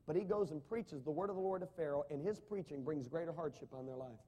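Animated high-voiced male preacher. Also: quick pace. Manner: animated, rising to emphatic reading of scripture; rhetorical questions to the congregation. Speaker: pastor. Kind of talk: sermon.

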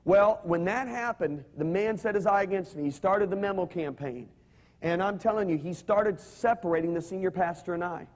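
A man's voice: high-pitched, normal speed. A man preaching a sermon, telling stories animatedly and having the congregation repeat his words. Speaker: pastor.

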